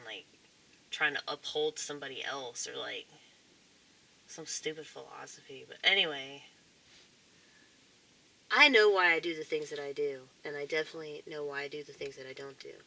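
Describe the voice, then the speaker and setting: A woman's voice: sits low, normal speed, vocal fry, long pauses, bright, forceful tone, slight background noise, poor audio. Rambling woman with a Southern twang. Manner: meandering, profane, frequent fillers and short laughs. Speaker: vlogger. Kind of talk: rambling casual monologue.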